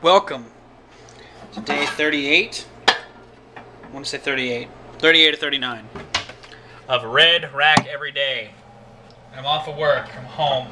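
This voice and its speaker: A man's voice: a little high, measured pace, pauses often, noisy background. A young man talking casually in a daily vlog, rambling and opinionated, swearing freely. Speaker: vlogger.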